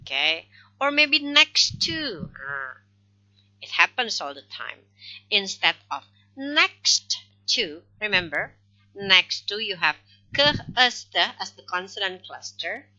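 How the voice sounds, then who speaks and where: A woman lecturing on phonology at an unhurried pace, her voice very bright and lively in pitch. She talks things through step by step and keeps asking "okay?" to check that listeners follow. The sound is dull and lo-fi. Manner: slow explanatory, frequent "okay" check-ins. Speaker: phonology teacher. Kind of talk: recorded lecture. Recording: dull lo-fi recording.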